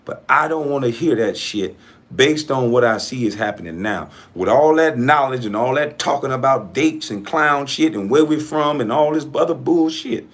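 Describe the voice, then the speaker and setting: A middle-aged man from coastal Georgia giving a profane, forceful monologue to camera as an entrepreneur vlogger, repeating himself for emphasis. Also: mid-range voice, expressive, normal speed. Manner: profane, forceful ranting with repetition.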